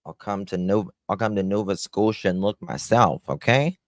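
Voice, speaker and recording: A man's voice: on the low side, normal speed, dry recording. Blunt, sarcastic man hosting a stream. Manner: blunt, sarcastic, swearing, chatting to viewers. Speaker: live-stream true-crime host. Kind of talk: casual live-stream commentary.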